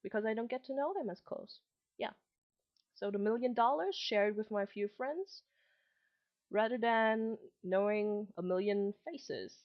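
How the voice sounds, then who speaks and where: A woman's voice: medium pitch, a little slow, highs cut off. Rambling teen girl with a slight mixed accent. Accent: slight mixed German and Malaysian English. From Germany and Malaysia. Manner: rambling, many ums and restarts. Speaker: vlogger. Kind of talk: casual webcam vlog.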